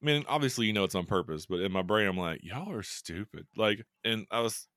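A man's voice: lowish voice, lively intonation, fast talker, fairly bright tone, smooth, no echo, studio quality. A man co-hosting a podcast, chatting casually in a laid-back, slangy way. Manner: laid-back, slangy, says "dude" and "like" a lot. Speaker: podcast co-host. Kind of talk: casual chat.

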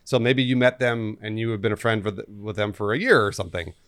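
A man's voice: on the low side, quick pace, a bit bright. A man chatting on a podcast in a reflective way, repeating words as he thinks. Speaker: podcast co-host. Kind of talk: casual chat.

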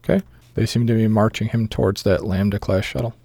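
A man narrating a tabletop game as its game master, in a low, gravelly voice. He talks in a measured way with frequent filler pauses. The sound is dry and close. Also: fairly even intonation, dark tone, no room sound.

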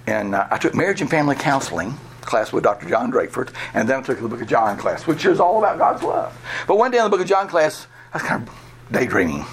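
A man's voice: medium pitch, very animated, fast talker, a little hiss or hum. A man from Georgia, preaching a sermon through a candid personal story and chuckling at himself. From Georgia, USA. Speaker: pastor.

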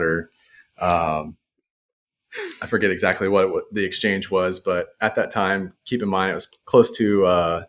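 A man's voice: low voice, steady tone, normal speed, fairly bright tone. A young adult man casually telling a story in a laid-back way with dry humor.

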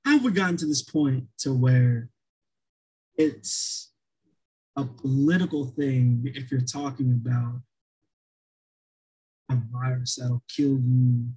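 A man's voice: medium pitch, fairly even intonation, takes it slowly, long pauses, warm tone, husky, poor audio. A man co-hosting a podcast in casual chat, rambling with many restarts and fillers.

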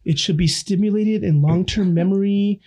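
A man imitating a nerdy young friend who lectures slowly and pompously. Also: high-pitched, dark tone, slightly rough, pitched above the performer's own voice. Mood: lecturing. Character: nerdy young male know-it-all friend.

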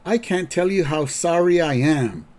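Dude doing panicky cartoon dad, voice jumps way high and loud, kinda dim. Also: male voice, expressive, unhurried. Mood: sorry. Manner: high-pitched, alarmed.

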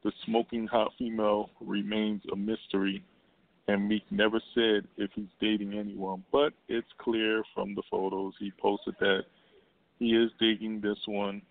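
A man's voice: lowish voice, flat delivery, unhurried, creaky. A man co-hosting a radio show, chatting casually about celebrity gossip, laughing often and reading quotes in a mocking voice. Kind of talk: casual entertainment gossip chat. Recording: dry, phone-like line.

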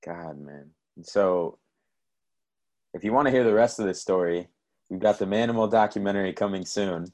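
A man hosting a podcast, giving a guest short, relaxed prompts and replies. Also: sits low, normal speed. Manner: laid-back, brief replies and prompts. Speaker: podcast host. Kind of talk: casual interview.

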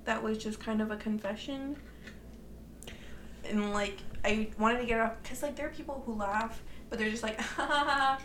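A woman's voice: fairly high pitch, steady tone, normal speed. Young woman, casual slangy chat, roomy echo, audible background noise. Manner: laughs often, slangy and blunt. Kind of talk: casual chat among friends. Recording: roomy, noisy room.

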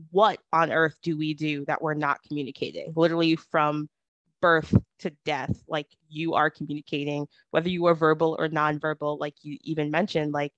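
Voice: mid-range voice, no echo. A podcast host talking casually with a guest, chatty with many filler words. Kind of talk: podcast interview conversation.

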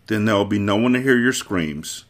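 A man's voice: lowish voice, normal speed, close to an everyday voice. A man voicing a conceited, scheming Sicilian kidnapper in a storybook reading, talking in a smug, bossy way.

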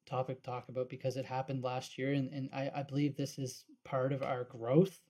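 A man's voice: mid-range voice, little pitch movement, brisk, warm tone. A man co-hosting a casual podcast, speaking thoughtfully and often restarting his sentences. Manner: thoughtful, repeats words when starting sentences. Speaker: podcast co-host.

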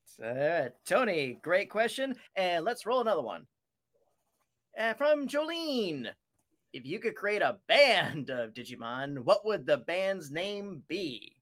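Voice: medium pitch, sing-song, takes it slowly, a bit bright. A panel moderator reading out fan questions in an easygoing, upbeat manner.

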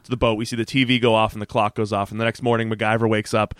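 A man's voice: lowish voice, rapid-fire, no room sound, studio quality. A man co-hosting a podcast, recapping a TV episode in casual chat and acting out the characters' lines. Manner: animated, acts out quoted characters. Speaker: podcast co-host.

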